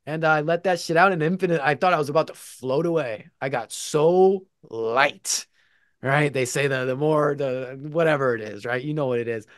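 A man tells a personal story in a loose, comic way, swearing freely and swinging between loud bursts and hushed asides. His voice sits at an ordinary middle pitch. The sound is dry and close, with no room echo. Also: moderate pace.

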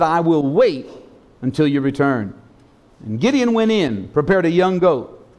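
A man's voice: a little high, a little mellow. Man preaching with dramatic scripture reading. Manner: dramatic reading, leads the congregation in call-and-response. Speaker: pastor. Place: church sanctuary.

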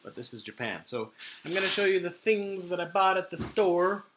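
A man in his thirties vlogs at his laptop camera from a home room with kitchen items, rambling casually and putting himself down in little asides. His voice is high and expressive at normal speed, and the roomy recording carries background noise.

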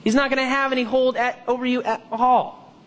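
Male preacher with a strikingly high voice, testifying and calling for amens; sermon heard in a church hall with a long echo. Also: level tone, brisk, fairly bright tone.

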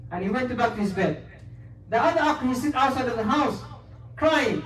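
A man's voice: very high-pitched, lively intonation, moderate pace, echoey room, recorded from a distance, low-quality recording. A man with a Somali accent preaching a Friday sermon in a mosque, earnestly mixing English with quoted Arabic. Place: mosque prayer hall.

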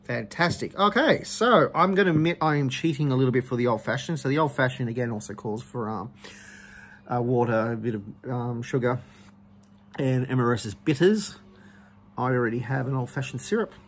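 A man hosting his own whisky channel. He gives casual tasting commentary at home and talks in a relaxed, hesitant way with frequent ums. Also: mid-range voice, a little fast, a little hiss or hum.

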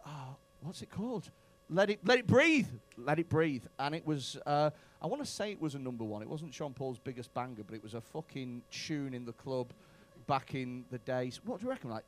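Lively high-voiced man doing crowd work. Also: normal speed, hardly any pauses, a little hiss or hum. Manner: bantering, profane, mock-outraged. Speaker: stand-up comedian. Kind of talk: crowd work in a stand-up set. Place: comedy club stage.

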